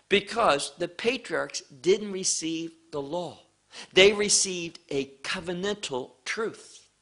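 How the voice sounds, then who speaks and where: A man preaching a sermon, teaching from scripture with slow, emphatic phrasing. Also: fairly high pitch, a bit bright.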